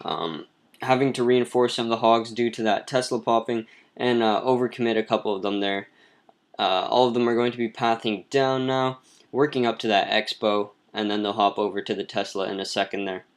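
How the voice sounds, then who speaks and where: As clan leader, a man casually narrates replays of mobile game attacks, relaxed and self-correcting, with plenty of ums and restarts. His voice is on the low side and fairly quick.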